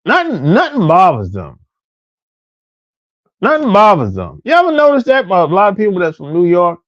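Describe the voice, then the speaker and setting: A man's voice: high-pitched, wildly swooping pitch, moderate pace, no echo, highs cut off. A man ranting casually, profane and repetitive, often laughing at his own stories. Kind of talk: casual rant.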